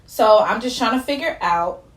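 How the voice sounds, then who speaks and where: A woman's voice: fairly high pitch, expressive, moderate pace. A young woman vlogger tearfully telling a personal story in a candid, conversational way, her voice dropping as she fights back tears. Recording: echoey room.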